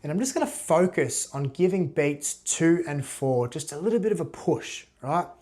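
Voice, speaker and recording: A man teaching guitar in a casual video lesson, relaxed and chatty, checking in with "right?" after almost every point. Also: a little high, moderate pace. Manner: relaxed, repeats "right?" often.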